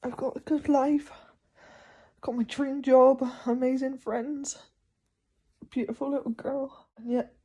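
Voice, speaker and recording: A young woman with a sore throat talking candidly into her video diary, halting and often hushed. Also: high voice, level tone, husky. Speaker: vlogger.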